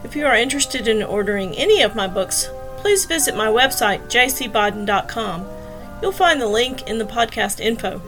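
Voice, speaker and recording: A woman author hosting her podcast, reading her own mystery novel aloud in clear, measured narration with emphasis on the titles. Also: fairly high pitch, lively intonation, fairly bright tone, faint music behind, poor audio.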